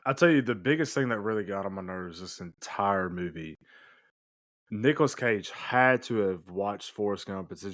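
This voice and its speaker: A man's voice: fairly low pitch, expressive, moderate pace, fairly bright tone. A man co-hosting a casual movie podcast, often stammering and restarting as he talks. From American South. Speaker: podcast co-host.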